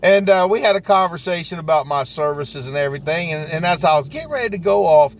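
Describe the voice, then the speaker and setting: Folksy Southern man with a gravelly voice. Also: a little high, fast talker, slight background noise. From Southern United States. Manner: folksy, animated, dialect grammar like "ain't nobody". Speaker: salesperson. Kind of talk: casual storytelling vlog.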